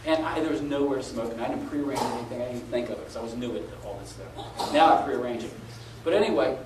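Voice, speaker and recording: A middle-aged man speaking at a conference, telling an anecdote with animated delivery and laughing at his own story. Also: medium pitch, fast talker. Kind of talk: live anecdotal talk. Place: conference hall. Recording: echoey live hall, taped from a distance with noise.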